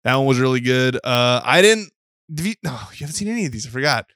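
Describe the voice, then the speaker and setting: A man's voice: mid-range voice, expressive, fast, a bit bright, clean tone, dry recording, clean studio sound. A young man co-hosting a casual film podcast, rambling and laid-back, laughing often and swearing casually. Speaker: podcast co-host.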